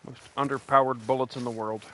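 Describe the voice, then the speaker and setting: Man, West Virginian accent, casual gameplay commentary, rambling with restarts, middle pitch. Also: level tone, fast, sharp tone, a little hiss or hum. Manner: rambling, joking, many restarts. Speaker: game streamer.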